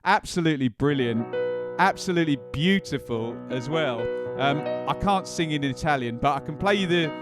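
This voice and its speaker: A man's voice: fairly high pitch, animated, normal speed, loud music behind the voice. An Englishman hosting a casual ranked countdown, chatty and enthusiastic, with frequent ums. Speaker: music and football channel host.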